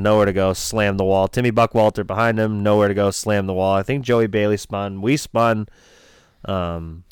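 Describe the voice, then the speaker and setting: A man's voice: lowish voice, clean tone, no room sound, clean studio sound. A man casually retelling a race-day crash story, rambling and swearing freely. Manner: rambling, profane, animated retelling. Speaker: race crew member telling a story. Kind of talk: casual storytelling podcast chat.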